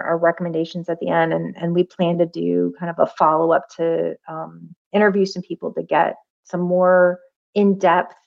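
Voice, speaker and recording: A woman's voice: lowish voice, gravelly. A woman researcher speaking as a podcast guest in a thoughtful, casual way, with many fillers and restarts. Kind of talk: casual interview talk. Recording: dull lo-fi audio.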